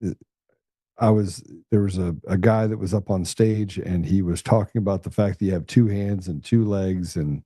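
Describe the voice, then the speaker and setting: Male host, low and mellow, blunt storyteller, dry close mic. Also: steady tone, moderate pace, no echo. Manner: blunt, swears casually, acts out quoted voices. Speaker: podcast host. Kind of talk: casual conversational storytelling.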